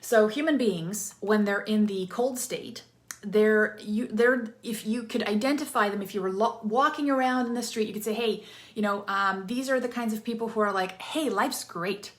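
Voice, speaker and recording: A woman's voice: mid-range voice, moderate pace. A woman in her thirties, an interactive storytelling coach, giving an upbeat, chatty live-streamed talk from a room with some echo. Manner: upbeat, chatty, energetic with bursts of enthusiasm.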